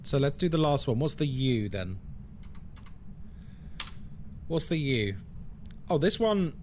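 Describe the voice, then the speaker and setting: A man's voice: medium pitch, big pitch swings, slow pace, a little hiss or hum. A man hosting a casual game live stream, joking and laughing with his chat. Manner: playful, joking, laughs often.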